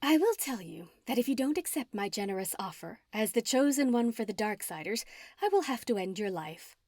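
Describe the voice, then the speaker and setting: A woman's voice: on the high side, lively intonation, fairly quick, a little mellow, no echo, clean studio sound. A woman narrator voicing a scheming, gloating female witch villain in an audiobook, her lines sneering and at times hissed. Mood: menacing.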